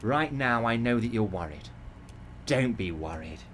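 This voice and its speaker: A man voicing a large, jovial, scheming male union boss in a game playthrough, smooth and falsely reassuring. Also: medium pitch, animated, a little slow, a bit bright, slight background noise. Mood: smug.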